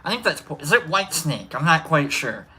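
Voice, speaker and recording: A man's voice: a little high, big pitch swings, a little fast, sharp tone. A man hosting a casual livestream, rambling, musing aloud between coughs and reading out chat comments. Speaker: livestream host.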